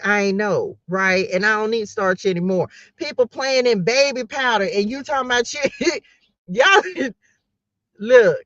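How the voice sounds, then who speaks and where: A woman's voice: medium pitch, moderate pace, dry recording, dull audio. A woman tarot reader giving a casual motivational talk to her viewers, playful and slangy, laughing often.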